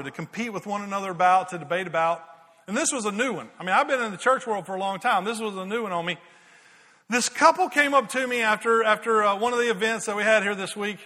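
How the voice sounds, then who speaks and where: Bright, high-voiced pastor in a reverberant hall. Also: male voice. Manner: lively anecdotes, repeats words, giggles at his own stories. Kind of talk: sermon with storytelling. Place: large church worship hall. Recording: long reverb of a large hall.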